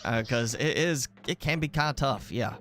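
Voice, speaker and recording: With faint music behind him, a man streams a game and chats casually in a mild Southern American accent, filling his live commentary with fillers as he thinks aloud. He speaks at normal speed in a medium-pitched, slightly bright voice.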